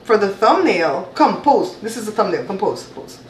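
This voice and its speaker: A woman's voice: mid-range voice, sing-song, normal speed, slight background noise. A woman from Belize in her fifties hosting a home cooking show, chatting and teasing with a playful laugh. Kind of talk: casual kitchen chat. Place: home kitchen. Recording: echoey kitchen room.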